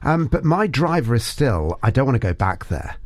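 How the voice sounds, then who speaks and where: A well-spoken man hosting a casual interview podcast, talking in an animated way. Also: medium pitch, moderate pace, dry recording, studio quality. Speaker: podcast host.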